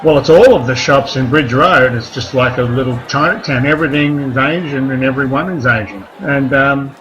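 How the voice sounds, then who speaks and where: A man performing a stand-up comedy set, rambling between deadpan one-liners and crude asides. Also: mid-range voice, normal speed, rough recording. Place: comedy club stage. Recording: live club recording with crowd noise. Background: audience laughter and room noise.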